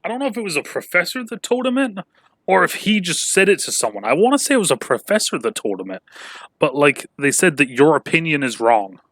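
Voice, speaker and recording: Bright-voiced young man, chatty podcast storyteller. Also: on the high side, big pitch swings, brisk, no echo, studio quality. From England. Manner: chatty storyteller, lots of filler and swearing. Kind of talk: casual podcast chat.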